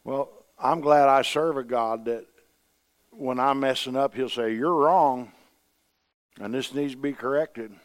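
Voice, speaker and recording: A middle-aged man preaching a sermon in a folksy, conversational way, swinging between loud emphatic bursts and quiet asides. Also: medium pitch, steady tone, measured pace.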